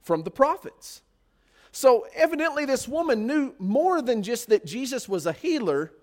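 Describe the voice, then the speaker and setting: High, animated male preacher. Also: normal speed. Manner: asks the listeners frequent rhetorical questions. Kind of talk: sermon.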